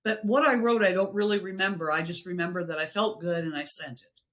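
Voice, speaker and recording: A middle-aged woman, a podcast guest, sharing personal stories in an earnest, reflective way, with pauses and restarts. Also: lowish voice, steady tone, a bit bright.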